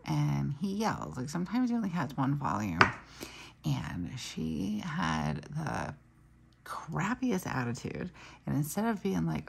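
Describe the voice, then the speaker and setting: Here a planner vlogger in her thirties talks through her journal planning in a relaxed, chatty way, her stories trailing off into asides. She speaks unhurriedly in a low, gravelly, husky voice whose pitch swings widely.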